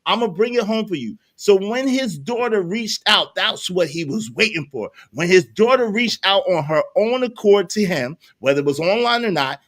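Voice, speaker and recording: High-voiced man arguing hard. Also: a bit bright. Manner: emphatic, repeats himself to hold the floor. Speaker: podcast co-host. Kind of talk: heated debate.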